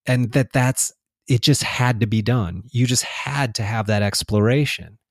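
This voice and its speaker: A man's voice: medium pitch, a little slow, dry recording, studio quality. A man talking reflectively in a casual spiritual conversation, laughing often and restarting his sentences.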